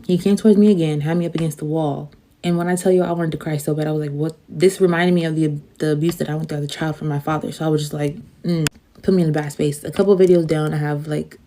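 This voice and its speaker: A woman's voice: deep voice, fairly even intonation, brisk, mellow. A woman telling a frightening dating story in casual storytime style, emphatic and breathless.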